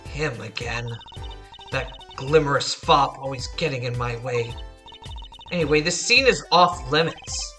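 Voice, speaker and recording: A man voicing a grumpy, sarcastic young woman detective in a video game, with a flat, curt delivery. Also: medium pitch, measured pace, faint music behind.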